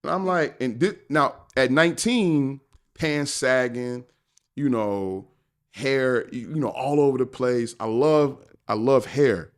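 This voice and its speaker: A man's voice: medium pitch, slow pace. A middle-aged man, a guest on a podcast, telling a story with lots of energy, acting out the people in it and laughing often. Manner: lively storyteller, acts out voices, laughs often. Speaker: podcast guest, finance professor. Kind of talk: animated storytelling.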